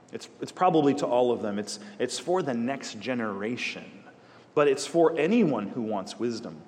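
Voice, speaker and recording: A man leading a Bible study, praying and then teaching in a conversational, animated way with jokey asides. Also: medium pitch. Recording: reverberant hall.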